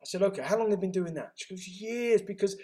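This high-pitched man is an interview guest spinning a story mid-conversation. He delivers it with animation, voicing the exchanges himself in rapid reported speech.

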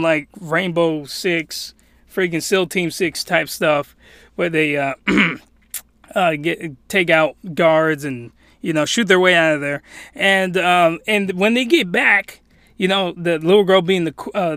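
A man giving a casual anime review, rambling and excitable, sometimes getting loud. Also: fairly high pitch, smooth, no room sound, clean studio sound.

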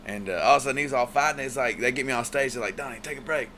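A man's voice: medium pitch, racing, bright, forceful tone, slight background noise. Musician guy on a podcast, easygoing, swears a lot, regular mid voice. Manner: laid-back, profane storyteller. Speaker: musician guest. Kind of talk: casual storytelling chat.

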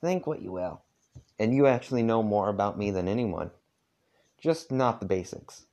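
A man's voice: on the low side, animated, normal speed, warm tone. A man voicing an aloof, sarcastic young man in a heavy put-on southern drawl. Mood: dismissive.

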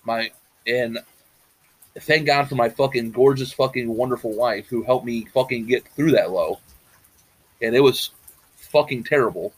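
A man's voice: mid-range voice, a little slow, long pauses, husky. Profane rambling man. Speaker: podcast co-host. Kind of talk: casual chat.

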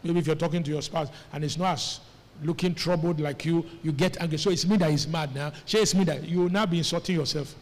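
A man preaching a sermon as pastor, animated and calling on the congregation to answer him. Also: on the high side, fast talker. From Nigeria. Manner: animated, calls on the congregation to respond. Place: church hall. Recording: echoey church hall.

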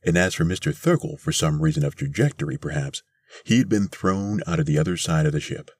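A man hosting a podcast, reading a short story aloud in a measured, deliberate way from a mobile studio. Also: a bass voice, expressive, dry recording. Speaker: podcast host and reader. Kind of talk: scripted narration of a short story. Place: mobile studio in a converted school bus.

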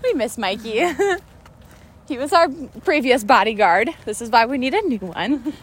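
A young woman chatting and laughing with a friend on a night walk outdoors, talking into a phone camera as she tells animated stories. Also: a little high, normal speed, husky. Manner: giggly, animated storytelling. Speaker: vlogger. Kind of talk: casual chat on a night walk.

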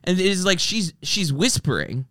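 A male podcast host with a bright, forceful, rather high voice that swoops all over the place as he tells stories and acts out the people in them. He swears freely. The recording is dry and close, with no room sound. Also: moderate pace, dry recording. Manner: animated storytelling, acting out quoted people. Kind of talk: casual chat.

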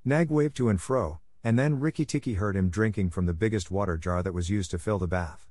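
A man reads a classic story aloud in a steady, clear manner. His voice sits low. The recording is dry and close, with no room sound. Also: fairly quick, hardly any pauses, dry recording. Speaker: narrator. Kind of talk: storybook narration for English learners.

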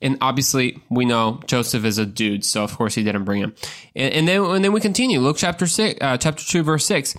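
A man's voice: mid-range voice, animated, normal speed, fairly bright tone. A man giving a casual Bible talk, joking and conversational, often repeating words as he goes. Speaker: podcast preacher.

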